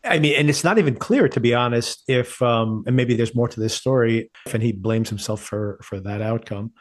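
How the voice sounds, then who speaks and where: A man's voice: mid-range voice, moderate pace. A man co-hosting a podcast, chatting casually about a TV series and laughing at his own points. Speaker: podcast co-host. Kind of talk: casual TV review chat.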